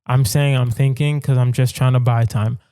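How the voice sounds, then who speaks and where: Smooth-voiced man riffing solo on a podcast. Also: medium pitch, little pitch movement, moderate pace, dark tone, dry recording, clean studio sound. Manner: riffing, addresses listeners directly, mock-serious asides. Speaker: comedian podcast host. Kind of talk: solo comedic monologue.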